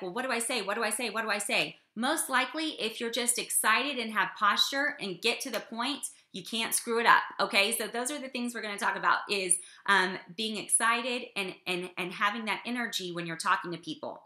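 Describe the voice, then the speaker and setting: A woman giving an energetic business coaching talk to her team, often checking in with "okay?". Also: fairly high pitch. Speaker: business trainer. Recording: echoey room.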